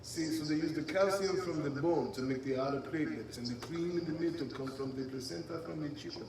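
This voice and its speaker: A man's voice: on the high side, fast, creaky, a little mellow. A man co-hosting a comedy podcast live at a bar, joking playfully with stammered restarts. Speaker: podcast co-host. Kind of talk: casual comedic banter. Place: live bar stage with crowd. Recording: echoey live bar, crowd noise, distant mic.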